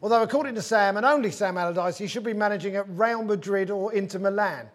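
A man's voice: high voice, fast. A man hosting a comedy football panel show, bantering with guests and making wry jokes. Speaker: host. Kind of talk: comedy sports panel chat.

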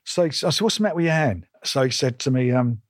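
An older boxing promoter tells blunt stories in an interview, emphatic and combative, repeating himself, stumbling and restarting. His medium-pitched voice has lively intonation and a fast pace, recorded cleanly in a studio with no echo.

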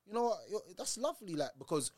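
Thoughtful young man, slightly high. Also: sing-song, fast talker, darkish tone. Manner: reflective, explains points and checks in. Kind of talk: casual chat.

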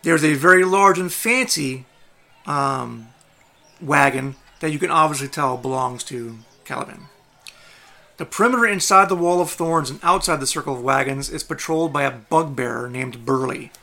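A man narrating a tabletop game as game master, describing the scene in a relaxed way. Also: on the high side, normal speed, vocal fry.

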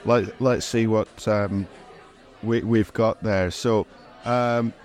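A man's voice: fairly low pitch, steady tone, slow, darkish tone. A man co-hosting a podcast, chatting casually with many fillers and chuckles. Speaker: podcast co-host. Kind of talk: casual chat.

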